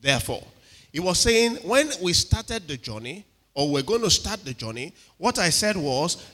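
A man preaching a sermon with animated delivery, acting out quotes and checking in with the congregation. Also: sits high, normal speed. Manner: animated, dramatic, acts out quotes, asks the crowd "are you with me". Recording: reverberant hall.

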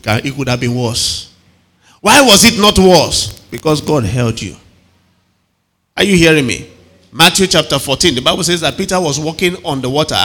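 A man's voice: fairly high pitch, pushed and bright. A man preaching an evening sermon, emphatic, calling for responses and repeating his phrases. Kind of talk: evening sermon to a live and online congregation.

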